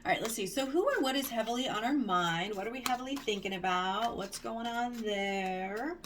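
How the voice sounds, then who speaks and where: A woman's voice: on the high side, expressive, fast, fairly bright tone, slight background noise. A woman giving a casual, chatty tarot reading, rambling and digressing with lots of fillers and restarts. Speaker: tarot reader.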